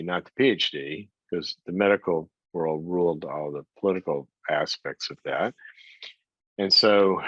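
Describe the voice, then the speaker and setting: A man telling a story in a motivational talk, animated, laughing often and repeating words as he goes. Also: low-pitched, husky, dry recording. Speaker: psychologist and speaker. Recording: dry, slightly dull sound.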